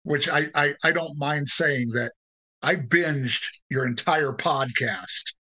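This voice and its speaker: An earnest man talking as a podcast guest, stopping and restarting as he thinks. His voice is bright and slightly husky. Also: a little high, slow, poor audio. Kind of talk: conversational interview storytelling.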